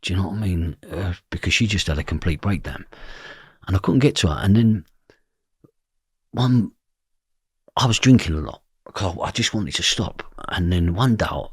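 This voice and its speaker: A man's voice: sits low, expressive, moderate pace, long pauses, husky, dry recording, clean studio sound. A man, a podcast guest telling a personal story in a blunt, emotional way and swearing freely. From London.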